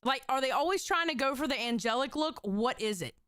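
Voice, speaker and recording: A woman's voice: high-pitched, animated, fairly quick, fairly bright tone, clean tone, no room sound, studio quality. A young adult woman from Southern California, hosting a reaction stream in blunt, profane, jokey commentary.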